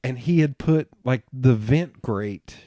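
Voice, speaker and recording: A young man hosting a podcast, telling stories in a casual, animated way and swearing freely. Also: medium pitch, takes it slowly, dry recording, clean studio sound. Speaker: podcast host. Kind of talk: casual chat.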